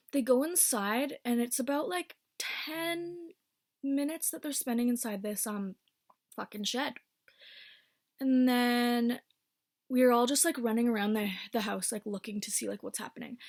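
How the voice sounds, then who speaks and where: A woman in her twenties telling a casual storytime, blunt and swearing freely, with quick bursts between slower stretches. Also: fairly high pitch. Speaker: vlogger.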